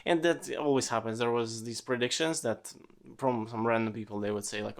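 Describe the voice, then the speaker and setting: A man's voice: fairly low pitch, fairly even intonation, fairly quick. Rambling, profane male podcast host. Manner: rambling, frequent 'like', swears freely. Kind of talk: casual solo podcast talk.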